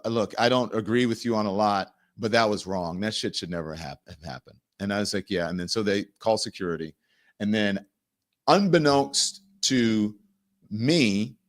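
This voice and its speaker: Indignant man telling a story. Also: fairly low pitch. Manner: animated, indignant storytelling with quick asides to the chat. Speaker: host. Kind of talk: livestream commentary and storytelling.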